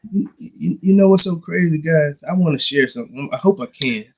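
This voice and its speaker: A man co-hosting a casual sports podcast, his voice sitting a touch higher than most men's. He tells stories with energy and acts out each exchange in loose, slangy speech. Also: brisk, slightly rough, poor audio. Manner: animated storyteller who acts out dialogue. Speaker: podcast co-host.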